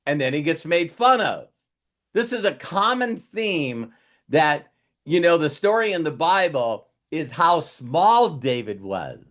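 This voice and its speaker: A man's voice: fairly high pitch, a bit bright. A man coaching with a motivational talk, retelling stories in a rambling way and acting out the lines of the people in them. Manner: rambling storyteller who acts out quoted lines.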